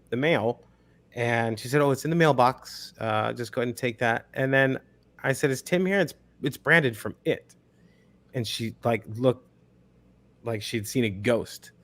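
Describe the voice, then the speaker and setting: A man in his forties, an actor guest telling stories in a relaxed interview, often repeating words as he starts a thought. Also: medium pitch. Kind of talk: casual interview chat.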